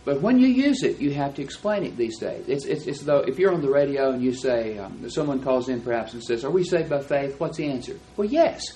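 A man teaching a Bible class, explaining verses and reading them out slowly and deliberately. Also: mid-range voice, big pitch swings, warm tone, poor audio.

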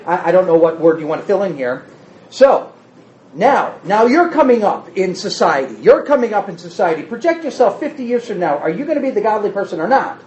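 Man, high lively voice, Bible study teacher, roomy dull recording. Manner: animated, rhetorical questions to the class.

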